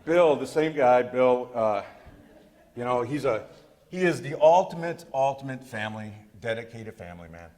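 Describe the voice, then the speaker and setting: A man telling comic stories to a live audience, with an animated, self-deprecating, folksy manner, on a handheld mic in a hall. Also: mid-range voice, normal speed. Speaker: storyteller speaker. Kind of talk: comic storytelling presentation.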